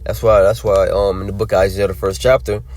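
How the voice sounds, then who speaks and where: A man's voice: on the low side, level tone, a little fast, a little mellow. A man teaching from scripture, reading verses aloud and explaining them in a drawling, conversational way full of "you know" and "all right". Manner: drawling, many fillers and tag questions. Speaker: preacher.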